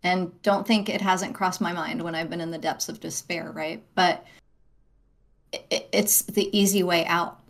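Earnest woman guest, lowish voice. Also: fairly even intonation, a little slow, creaky. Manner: earnest, talks with her hands in words, frequent "right?" tags and restarts. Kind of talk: interview conversation.

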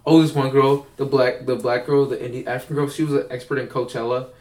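A man's voice: medium pitch, little pitch movement, quick pace, darkish tone. A young man telling rambling stories in casual chat, co-hosting a podcast. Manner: rambling, acts out quoted voices. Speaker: podcast co-host. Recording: roomy, distant mic.

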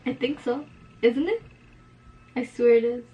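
A woman's voice: a little high, unhurried, mellow, recorded from a distance, dull audio, a little hiss or hum. A young woman from Canada co-hosting a casual podcast chat, teasing her friend and laughing often. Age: young adult. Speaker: podcast co-host.

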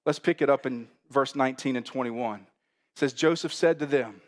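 A middle-aged man preaching a sermon as pastor, conversational and animated, building up to bursts of emphasis. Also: mid-range voice, normal speed.

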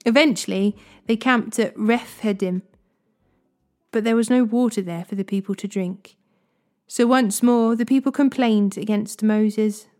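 A woman reading Bible passages aloud in a steady, measured way. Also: medium pitch. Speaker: Bible reader. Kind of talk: scripture reading.

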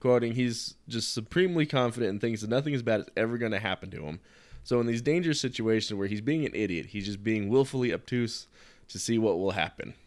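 A man's voice: mid-range voice, fast. A man co-hosting a casual podcast chat, reading background notes and adding dry, wry remarks. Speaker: podcast co-host.

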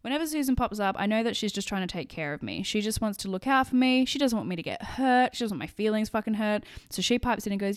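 A woman's voice: mid-range voice, quick pace, hardly any pauses, clean tone. A woman hosting a solo podcast, talking bluntly and swearing freely, acting out little quoted voices as she goes. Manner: blunt and sweary, lots of profanity; animated, acts out quoted voices. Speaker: podcast host. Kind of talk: casual solo podcast monologue.

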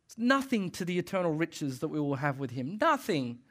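Pastor, man, sermon delivery, somewhat raised pitch, emphatic repeats. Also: big pitch swings, a bit bright. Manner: emphatic, repeats phrases, quick laughs.

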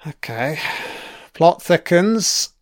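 This man swears freely in chatty commentary while watching a TV series, reacting to what's on screen. He speaks very slowly in a fairly high, sing-song voice, recorded in clean studio sound without echo.

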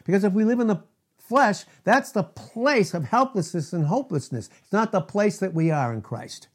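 A middle-aged man preaching a sermon as pastor, emphatic, asking rhetorical questions and swinging from loud to hushed. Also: sits high, animated, normal speed, slightly rough.

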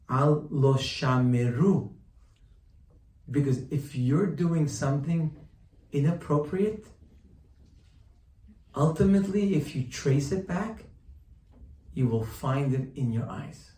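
A man's voice: medium pitch, slow, long pauses, mellow. Man teaching Torah, echoey and far. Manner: rhetorical questions, repeats phrases for emphasis; quotes Hebrew texts, then translates. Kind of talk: sermon-style Torah lesson.

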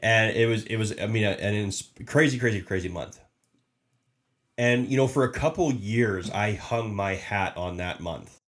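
Rambling, low-voiced man. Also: moderate pace, fairly bright tone. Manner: repetitive, emphatic, rambling with many restarts. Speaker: podcast host and sales leader. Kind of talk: casual motivational talk.

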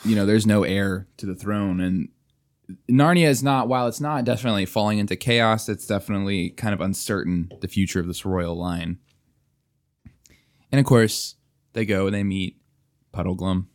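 A man co-hosting a podcast, retelling a book in casual chat, animated and laughing often. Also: on the low side, moderate pace. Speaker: podcast co-host.

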